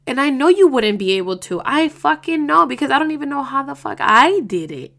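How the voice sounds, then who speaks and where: A woman's voice: sits high, big pitch swings, a little fast, gravelly, fairly bright tone. A woman hosting a casual podcast monologue, talking bluntly and emotionally, swearing often and rambling through restarts. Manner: heated, blunt, swears a lot. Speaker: podcast host.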